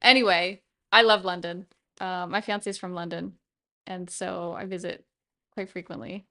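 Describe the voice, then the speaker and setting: A woman's voice: lowish voice, steady tone, measured pace, sharp tone. A young woman from New York State chatting casually with viewers on a live stream while she paints, laughing often and muttering to herself. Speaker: livestreamer.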